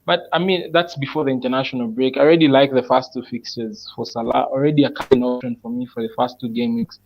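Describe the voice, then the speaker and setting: A man explains his reasoning in a relaxed online chat, working through it step by step and pausing often to think. His voice sits in an ordinary middle range, and the recording sounds slightly dull and lo-fi. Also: medium pitch. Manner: thinks aloud, explains picks step by step with many pauses. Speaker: panelist presenting his fantasy football team.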